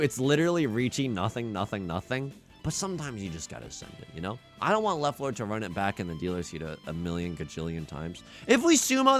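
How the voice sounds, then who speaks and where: A man's voice: mid-range voice, a bit bright. A young man streaming a tile game live, talking through each move and joking with his chat. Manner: playful, jokey, talks to chat.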